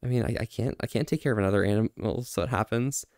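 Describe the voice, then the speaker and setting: A man's voice: fairly low pitch, darkish tone, dry recording, clean studio sound. Man chatting on a livestream. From Canada. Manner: laughs often, halting attempts at French. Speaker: streamer. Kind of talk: casual livestream chat reading viewer messages.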